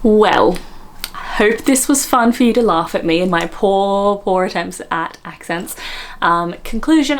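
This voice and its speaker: A woman's voice: medium pitch, expressive, a little slow. An Australian woman from Australia, chatting casually to camera as a vlogger, giggly and self-mocking. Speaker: vlogger host.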